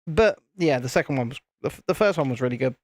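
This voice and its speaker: A man's voice: medium pitch, animated, quick pace, no room sound. Chatty British man hosting a stream. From United Kingdom. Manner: chatty, rambling, reads viewer chat aloud. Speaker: livestream host. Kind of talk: casual live stream chat while building. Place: home streaming setup with cameras and lights.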